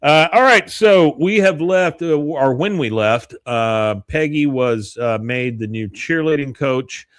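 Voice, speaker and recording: A man's voice: on the high side, clean tone, no room sound. Male podcast co-host, rambling episode recap full of fillers, dry close mic. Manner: halting, many fillers, animated when quoting. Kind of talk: casual recap with acted-out quotes.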